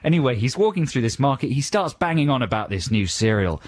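A man in his thirties co-hosting a radio show in casual banter, playful and quick to mimic voices. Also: medium pitch, big pitch swings. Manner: playful, puts on silly voices mid-story. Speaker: radio co-host. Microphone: studio microphone.

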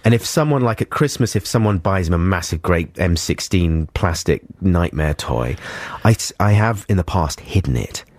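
A man co-hosting a radio show, chatting casually into a studio mic. His voice sits fairly low but moves in a lively way, full of playful asides. The sound is dry and close. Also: normal speed, no echo. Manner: rambling, self-mocking storytelling with playful impressions. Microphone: studio microphone.

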